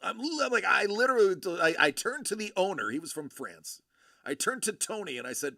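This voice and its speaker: A man's voice: sits high, big pitch swings, a little fast, vocal fry, sharp tone, dry recording, clean studio sound. A man in his forties from Buffalo, New York, hosting a live show and telling rambling stories with lots of fillers and restarts. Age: 40s. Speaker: host of a collectibles live show. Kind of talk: casual live-stream chat.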